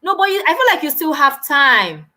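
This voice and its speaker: Young woman, bright tone, fairly high voice, animated live-stream chat, exclamatory. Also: moderate pace. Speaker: YouTuber hosting a live stream. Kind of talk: casual live-stream chat, reading viewer comments.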